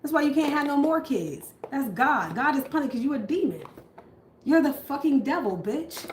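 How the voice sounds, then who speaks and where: A woman's voice: medium pitch, normal speed, a little mellow, a little hiss or hum, close to an everyday voice. Woman putting on a controlling, abusive man. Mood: ranting, furious. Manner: profane, blaming, self-pitying rants. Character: controlling abusive man, grown partner, manipulative. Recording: roomy echo.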